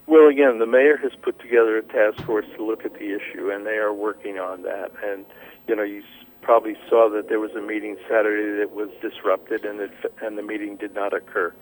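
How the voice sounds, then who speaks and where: Lower-voiced councilman, measured and hesitant. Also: fairly even intonation, a little hiss or hum, rough recording. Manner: measured, hesitant, repeats words. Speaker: city council member, guest. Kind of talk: radio interview.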